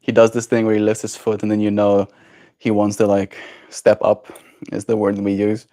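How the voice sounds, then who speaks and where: A young man streaming casually from home, chatting and slipping into high sing-song baby talk with his pet bird. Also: completely flat delivery, moderate pace, warm tone. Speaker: daily livestreamer. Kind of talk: casual chat. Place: home, indoors.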